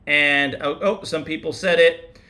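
A man's voice: fairly high pitch, steady tone, unhurried, bright, forceful tone. Male co-host, casual livestream, upbeat, reads chat and plugs links.

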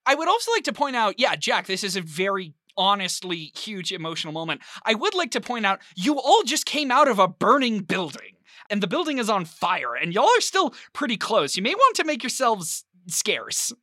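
A woman's voice: medium pitch, big pitch swings, normal speed, few pauses, sharp tone, no room sound, studio quality. A woman narrating as game master in a tabletop game, casual and often laughing.

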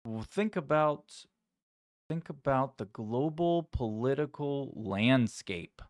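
A man's voice: mid-range voice, expressive, takes it slowly, no room sound, studio quality. A man co-hosting a podcast, rambling through crude, profane jokes in casual banter. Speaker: podcast co-host.

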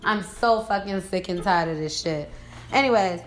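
A woman's voice: mid-range voice, moderate pace. A young woman hosting her own podcast, venting in an angry rant full of swearing and repeated phrases. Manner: swears constantly, repeats herself, angry ranting. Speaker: podcast host. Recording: echoey room with faint music.

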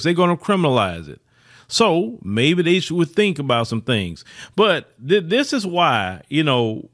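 A man's voice: medium pitch, a bit bright. A middle-aged man giving preachy, emphatic opinion commentary, often stumbling into repeated words and restarts.

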